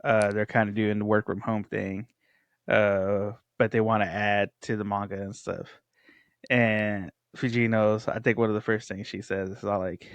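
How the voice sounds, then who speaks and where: A man's voice: lowish voice, little pitch movement, moderate pace, clean tone, no room sound. A man co-hosting a casual podcast, easygoing and agreeable, often laughing along. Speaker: podcast co-host. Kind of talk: casual chat.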